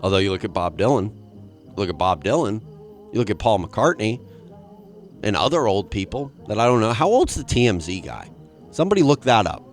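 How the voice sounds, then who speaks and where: Brief: young male podcast host, lowish voice, rambling self-mocking comic monologue, faint music behind. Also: big pitch swings, fairly quick. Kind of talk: solo comedic podcast monologue.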